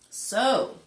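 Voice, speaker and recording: A woman's voice: mid-range voice, reverberant. A woman host giving a casual tarot reading to a camera at home, rambling and chatty with lots of fillers. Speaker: tarot reader. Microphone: camera in front of her.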